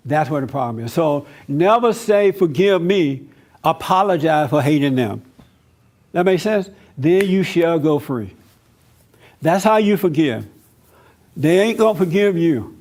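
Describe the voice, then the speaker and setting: A man preaching in a loose, conversational way, earnest and repetitive as he drives his points home. His voice sits a bit higher than most men's. He talks like he's chatting with the room rather than reading a script. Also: expressive, unhurried, darkish tone. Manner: testimonial storytelling. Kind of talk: informal sermon-style teaching to an audience.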